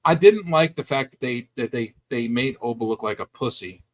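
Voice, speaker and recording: A man's voice: mid-range voice, lively intonation, normal speed, no echo. A man co-hosting a wrestling review podcast, blunt, heated and profane. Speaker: podcast co-host. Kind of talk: casual wrestling review chat.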